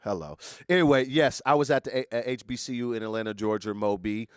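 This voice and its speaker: A man's voice: medium pitch, quick pace, clear, resonant tone, dry recording, clean studio sound. A middle-aged man from Northern California, co-hosting a podcast in a playful, joking way with lots of slang. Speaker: podcast co-host. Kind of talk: casual chat.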